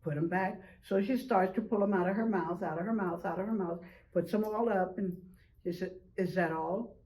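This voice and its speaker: An older woman telling a traditional animal story slowly, drawing out repeated phrases. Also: mid-range voice, steady tone, warm tone, a little hiss or hum, rough recording.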